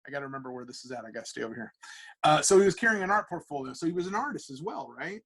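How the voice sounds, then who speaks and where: Casting note: man guest on a podcast, chatty animated storyteller, restarts a lot, voice pitched a bit high. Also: rapid-fire, slightly rough, poor audio. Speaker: comic book artist guest.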